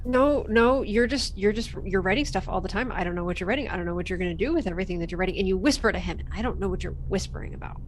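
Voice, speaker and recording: A woman's voice: mid-range voice, lightly acted. Lady doing a suspicious woman snapping accusations, with a little hiss behind. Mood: accusing. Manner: rapid, accusatory.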